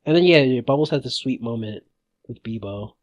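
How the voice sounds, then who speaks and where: A man co-hosting a podcast, chatting in an excitable, rambling way and laughing often. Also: mid-range voice, brisk, no echo. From United States. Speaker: podcast co-host. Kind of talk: casual chat.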